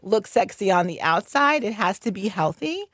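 A woman's voice: mid-range voice, very animated, moderate pace, a bit bright, husky, no echo, studio quality. A woman who works as a licensed general contractor, talking candidly in a radio interview, chatty and laughing often, with many fillers. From North Carolina.

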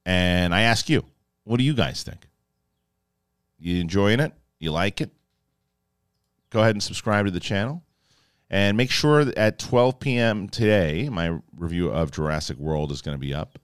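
A man casually reviewing an episode, animated and jokey, acting out the characters in quick asides. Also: on the low side, no room sound, clean studio sound. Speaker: film and TV reviewer.

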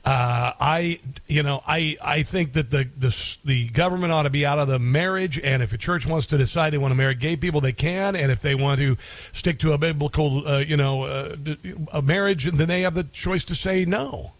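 A man's voice: fairly high pitch, normal speed, dry recording. A middle-aged man hosting a talk radio show, delivering an opinionated monologue in a combative, indignant tone and repeating phrases for emphasis.

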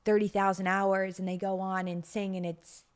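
A woman's voice: mid-range voice, little pitch movement, normal speed, crowd noise. A young woman co-hosting a podcast, teasing her partner in casual chat, laughing often and saying "like" a lot. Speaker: podcast co-host.

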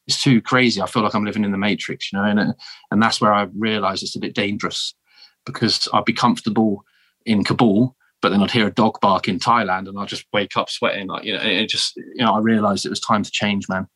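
A man in his thirties from the south of England with a southern English accent, telling stories as a guest in a casual interview, animated and full of restarts. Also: on the low side, brisk, husky, no room sound. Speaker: guest, former marine.

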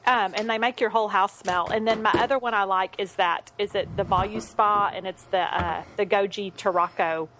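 A woman's voice: mid-range voice, steady tone, background noise. Agreeable woman co-hosting a chatty podcast. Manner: agreeable, quick affirmations, laughs easily. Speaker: podcast co-host. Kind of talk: casual chat.

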